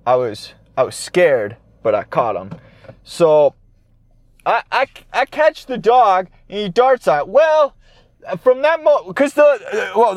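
A man hosting a podcast, telling a rambling story in casual chat from his car, animated and swearing, trailing off and restarting. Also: high-pitched, no echo. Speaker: podcast host. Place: in his car, parked then driving. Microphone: handheld audio recorder.

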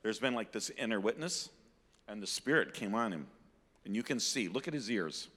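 A man teaching about faith in a casual conversation, expressive as he points things out to those listening. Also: on the low side, normal speed, in a large hall, slight background noise. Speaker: ministry teacher.

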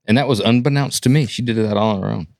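A man's voice: lowish voice, fast, gravelly, a little mellow, dry recording, studio quality. A man from the American South chatting casually and jokingly as a podcast host. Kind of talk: casual chat.

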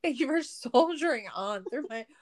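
A woman's voice: high-pitched, expressive, normal speed. Laughing, sarcastic young woman podcaster. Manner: laughs often, swears, sarcastic rants. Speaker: podcast co-host. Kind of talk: casual chat.

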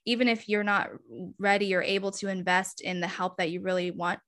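A woman's voice: medium pitch, fairly quick. A woman guesting on a podcast, chatting casually and enthusiastically with many fillers. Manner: relaxed, enthusiastic, filler-heavy. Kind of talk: casual chat.

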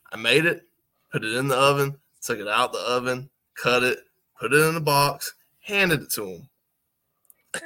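A man in casual podcast chat, telling a slow, profane story about a customer. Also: medium pitch, pushed and bright. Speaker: podcast guest.

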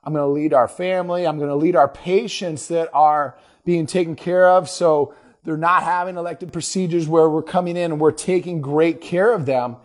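A middle-aged man, a dentist hosting his own show, giving an energetic, emphatic motivational talk. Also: fairly high pitch, moderate pace. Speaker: dentist and podcast host.

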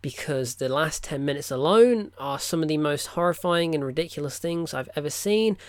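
A man's voice: on the high side, expressive, normal speed, very noisy. A man reviewing films in a casual, rambling vlog, full of "look" and "right?" asides. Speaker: film reviewer. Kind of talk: casual weekly film diary vlog.

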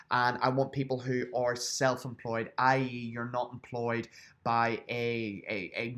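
A podcast host who also works as a fitness instructor goes solo here, his medium-pitched, slightly bright voice running through upcoming events. He keeps it chatty and promotional, stressing the dates and places.

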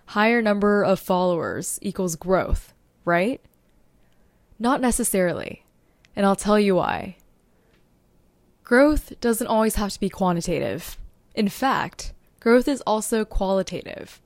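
Recorded dry, this mid-range female voice belongs to a young adult social media strategist running her own podcast. Her delivery is cheerful and informative, with the occasional verbal slip.

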